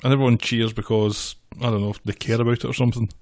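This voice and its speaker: A man's voice: mid-range voice, flat delivery, fast talker, darkish tone. A man co-hosting a casual podcast from a small office, making dry remarks while recapping an episode. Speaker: podcast co-host.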